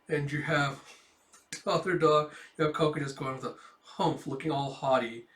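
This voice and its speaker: A man's voice: a little high, fairly even intonation, moderate pace, a bit bright. A man hosting a casual manga reading, chatty and laughing, with lots of fillers. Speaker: host. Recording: roomy sound from a distant mic.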